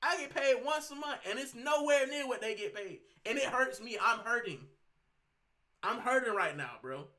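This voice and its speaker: A man's voice: very high voice, expressive, normal speed, sharp tone. A man hosting a fan channel, fuming and ranting heatedly while sick and straining his voice. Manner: fuming, ranting, repeats himself. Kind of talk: heated fan rant to camera.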